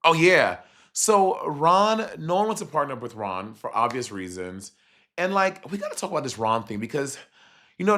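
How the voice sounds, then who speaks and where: A man chatting casually on a livestream as he reacts to a reality show, animated and profane, with sudden jumps in pitch. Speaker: streamer reviewing a reality show.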